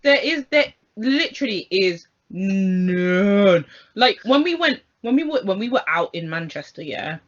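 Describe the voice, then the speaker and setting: A woman's voice: medium pitch, unhurried. A young woman, co-hosting a casual chat and telling stories with acted-out exchanges. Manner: animated storytelling, acting out quoted exchanges. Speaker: podcast co-host. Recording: dull lo-fi sound.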